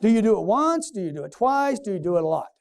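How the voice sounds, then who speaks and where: High-voiced man pumping up a crowd. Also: big pitch swings, fast, creaky. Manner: punchy, quizzes the crowd, acts out customers. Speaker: sales trainer. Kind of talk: motivational sales seminar talk. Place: stage before a live audience.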